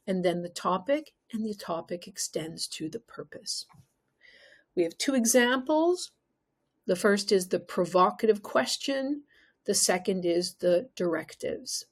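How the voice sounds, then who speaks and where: A woman teaching an exam-prep lesson, talking emphatically and putting questions to the viewer. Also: mid-range voice.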